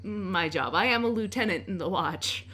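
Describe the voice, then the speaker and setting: A woman's voice: fairly low pitch, animated, moderate pace, a crowd in the background, close to an everyday voice. Woman voicing a stammering young watch lieutenant. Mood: wry. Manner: stammering, self-doubting. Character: flustered young male city-watch lieutenant.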